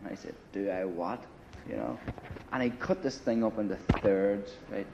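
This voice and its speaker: A man's voice: fairly low pitch, normal speed, creaky, warm tone, slight background noise. An older Irish man, a former paramilitary, recounting his past in casual, blunt storytelling full of swearing and "you know". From Ireland. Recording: slightly muffled recording.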